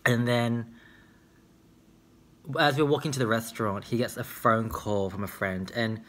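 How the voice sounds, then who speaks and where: A man's voice: mid-range voice, steady tone, normal speed, fairly bright tone. A young man, telling candid dating stories in a casual, chatty vlog with lots of filler words. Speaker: vlogger.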